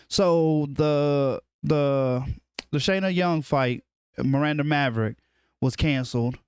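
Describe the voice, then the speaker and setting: A man co-hosting a podcast in casual sports chat, animated and joking with plenty of slang. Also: fairly high pitch, slow pace, smooth, dry recording, studio quality. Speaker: podcast co-host.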